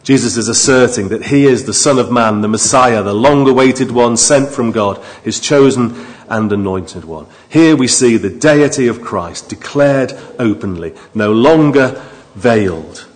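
Male preacher, sermon delivery, mid-pitched voice, shifts between hushed lows and emphatic highs. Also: measured pace. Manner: swings from quiet, low asides to raised emphatic appeals.

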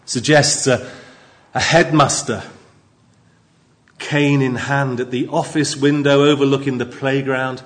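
With a mid-range voice and a measured pace broken by long pauses, a man preaches into a church microphone. He stays emphatic and lively, addressing the congregation in asides.

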